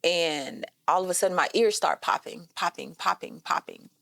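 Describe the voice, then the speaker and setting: A woman in her thirties telling a personal story on a podcast, animated and direct, calling listeners "y'all" and "girl". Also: lowish voice, normal speed, gravelly, dry recording, studio quality. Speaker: guest.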